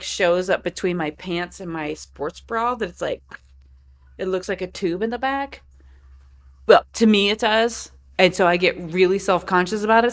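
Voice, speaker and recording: A woman co-hosting a podcast, chatting in a rambling, candid way, full of "like" and quoting her own thoughts. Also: mid-range voice. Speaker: podcast co-host. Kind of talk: casual chat.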